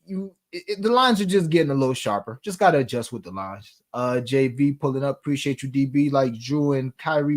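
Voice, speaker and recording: A man hosting a sports betting talk show, chatting casually in slang and reading viewer comments aloud. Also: fairly high pitch.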